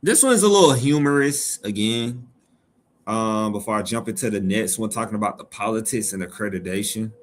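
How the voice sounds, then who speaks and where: A man with a fairly low voice hosts a live stream in a loose, conversational way. He is from Georgia and reads chat comments aloud. He jokes and repeats his phrases for emphasis. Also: moderate pace.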